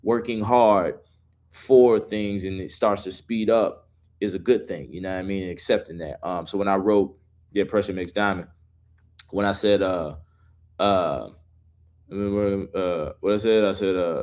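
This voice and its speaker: Low-voiced man chatting on a live stream. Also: fairly even intonation, a little slow, darkish tone. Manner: loose and profane, reads chat questions aloud. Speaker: musician hosting a live stream. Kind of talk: casual live-stream chat.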